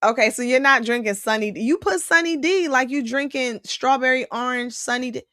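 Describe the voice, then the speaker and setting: A woman's voice: high voice, fairly quick, a bit bright, clear, resonant tone, no echo, clean studio sound. A woman hosting a live stream, reading out viewer comments about food and chatting back casually. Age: adult. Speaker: host reading live chat.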